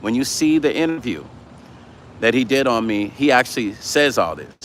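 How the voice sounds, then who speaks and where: A man's voice: mid-range voice, big pitch swings, normal speed, fairly bright tone, slight background noise. A man chatting casually on a livestream, reading viewer comments aloud and talking bluntly with plenty of swearing. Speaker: vlogger hosting a livestream.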